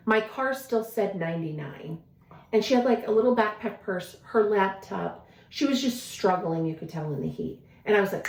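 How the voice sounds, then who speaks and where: A woman co-hosting a casual chat show, telling a long story in an animated, chatty way and often quoting herself. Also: mid-range voice, normal speed. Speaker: podcast co-host. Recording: roomy echo.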